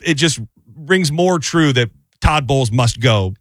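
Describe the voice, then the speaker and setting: A sports talk host, a man, giving animated, opinionated takes on football. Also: medium pitch, a little slow, no echo.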